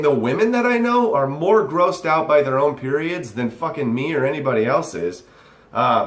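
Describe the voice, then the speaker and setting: Recorded in an echoey room, this young vlogger's mid-range, slightly bright voice delivers a sarcastic rant about a text he's reading out. He curses often and wanders off on tangents.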